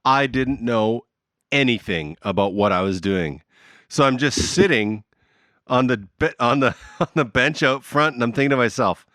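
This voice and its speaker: A man's voice: on the low side, moderate pace, dry recording, clean studio sound. A middle-aged man, a band musician guesting on a podcast, telling a long story in casual conversation, swearing freely and laughing along. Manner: animated, profane, laughs through his own story.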